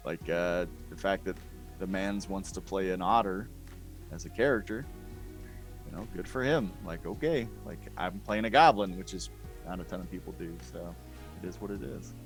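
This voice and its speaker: A man with a lowish voice talks casually as a guest, wandering through his thoughts with many fillers. Faint music sits behind him. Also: normal speed. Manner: rambling, filler-heavy, laughing easily. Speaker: guest player. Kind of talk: casual podcast chat.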